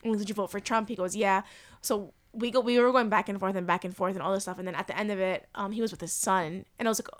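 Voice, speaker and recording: A young woman comic recounting her sets in a loose podcast chat. She talks fast and animated, rushing through her stories with fillers along the way. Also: medium pitch. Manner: quick, animated storytelling. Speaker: stand-up comedian. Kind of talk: casual chat.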